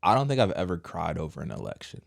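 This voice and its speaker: Casual low-voiced man ranting to camera. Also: quick pace, gravelly, no echo, studio quality. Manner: animated, swings between loud outbursts and low quiet asides; casual slangy address, says bro. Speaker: commentary host. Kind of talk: opinion commentary monologue.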